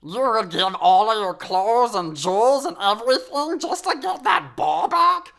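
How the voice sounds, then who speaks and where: Here the storyteller host is a woman in the role of a comical talking sheep, chatting through a fairy tale with sassy little asides for the listener. She speaks on the high side at a measured pace, her voice gravelly yet a bit bright.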